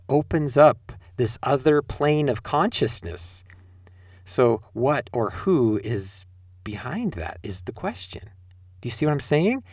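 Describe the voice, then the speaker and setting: Middle-aged male preacher, animated delivery, rhetorical questions, dry close sound. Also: medium pitch, no room sound. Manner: rhetorical questions, addresses listeners directly. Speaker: spiritual teacher. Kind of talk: sermon-style talk.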